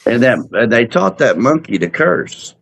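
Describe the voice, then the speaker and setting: A man's voice: mid-range voice, sing-song, normal speed, vocal fry, a bit bright. A man co-hosting a casual cruise chat show, telling rambling stories. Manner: rambling storyteller. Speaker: podcast co-host.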